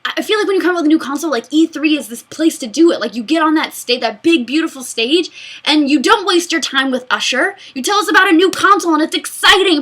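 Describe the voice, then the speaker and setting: A woman in her mid-twenties hosting a casual fan Q&A, excitable and giggly, rambling between answers. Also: high voice, a little fast. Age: mid-20s. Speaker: YouTube host answering fan questions. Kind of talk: casual Q&A chat.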